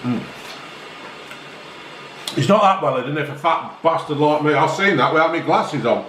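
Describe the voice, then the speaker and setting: Over a noisy background in an echoey room, a middle-aged man with a fairly high, expressive voice talks at normal speed. He's a vlogger reviewing newspaper stories in casual chat, reacting bluntly with a sweary rant.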